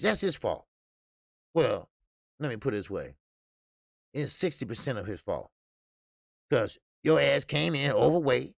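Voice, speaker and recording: A man's voice: sits high, creaky, dry recording, clean studio sound. A man hosting a casual boxing live stream, blunt and profane, laughing often and greeting chat viewers. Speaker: boxing show host.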